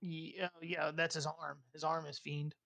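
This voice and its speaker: A man's voice: a little high, flat delivery, normal speed, gravelly, pushed and bright. A man running a tabletop game as dungeon master, laughing often and restarting his sentences.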